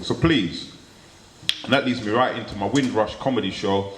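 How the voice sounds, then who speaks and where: A man's voice: fairly low pitch, fast, slight background noise. A man comedian giving an earnest, emphatic closing speech at a live show, repeating words for stress. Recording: echoey live room with audience.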